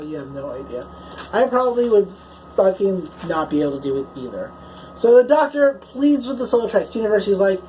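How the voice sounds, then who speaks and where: A woman's voice: medium pitch, a little mellow, a little hiss or hum, low-quality recording. A woman casually recapping a TV episode as a reviewer, chatty and swearing freely, filling her talk with "like" and "you know".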